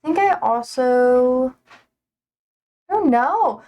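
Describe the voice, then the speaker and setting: Young woman, slightly high voice, sassy, playful, casual livestream chat from home. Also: lively intonation, slow, darkish tone. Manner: playful and self-described sassy, frequent laughs. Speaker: livestream host. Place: home, indoors.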